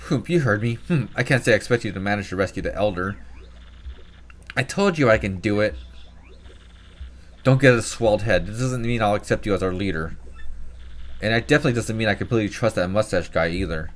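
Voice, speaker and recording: A man's voice: lowish voice, fairly quick, long pauses, natural voice. A man voicing a stubborn, snide rival from a game tribe who talks down dismissively. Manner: sneering, dismissive.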